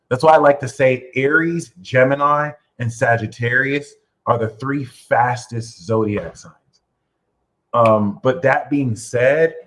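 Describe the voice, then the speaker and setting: A young man giving a casual astrology reading, loose and joking, with bursts of loud, animated rants. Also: low-quality recording. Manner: animated, swings into loud high playful rants with profanity. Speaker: astrology reader.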